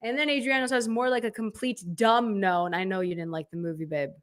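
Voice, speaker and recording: A woman's voice: medium pitch, fairly quick. Chatty opinionated woman hosting a livestream. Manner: opinionated and animated, reads out chat comments. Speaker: livestream host reacting to award nominations. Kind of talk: casual live reaction chat.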